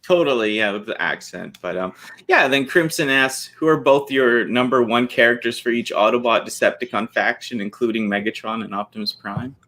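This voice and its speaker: A man's voice: medium pitch, moderate pace, pushed and bright. A man hosting a podcast in casual chat, who talks in a chatty, enthusiastic and rambling way and reads out listener questions. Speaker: podcast host.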